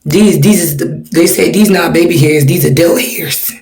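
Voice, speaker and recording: A woman, chatting casually to her viewers in a vlog, tired and a little hoarse. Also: on the low side, normal speed, a little mellow. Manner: chatty, addresses viewers as y'all. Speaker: vlogger.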